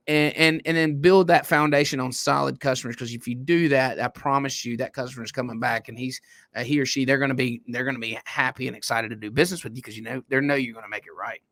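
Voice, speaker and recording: A man's voice: mid-range voice, fairly bright tone, dry recording, studio quality. A man co-hosting a casual business podcast, telling shop stories and acting out what people said, with many restarts. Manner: storytelling, acts out quoted people, frequent restarts. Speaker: podcast co-host, detailing shop owner.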